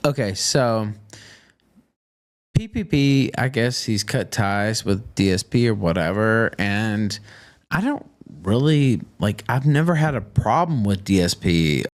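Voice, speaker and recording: A man's voice: on the low side, expressive, takes it slowly. A man talking casually on a stream, rambling.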